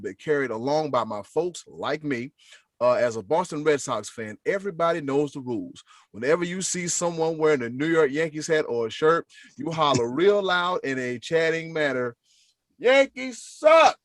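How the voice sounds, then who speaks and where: A man's voice: a little high, no echo. A man hosting a casual sports podcast, playfully reading listener answers aloud with emphasis.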